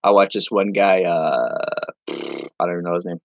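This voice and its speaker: A man hosting a casual live stream, rambling and joking as he reads viewer comments, with sudden playful jumps into a high voice. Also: normal speed, vocal fry, no echo, lo-fi sound. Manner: silly, playful with sudden high-pitched bursts.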